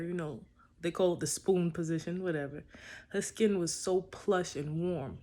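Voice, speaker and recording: A man's voice: fairly high pitch, fairly even intonation, normal speed, a little mellow. A young man casually telling a personal love story in a laid-back way, full of little verbal fillers. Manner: laid-back, peppered with "you know".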